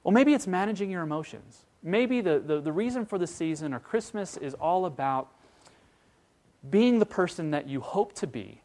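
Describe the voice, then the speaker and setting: Male pastor, sermon, animated storytelling, higher voice, lively delivery. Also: normal speed. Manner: animated storytelling, acting out quoted characters.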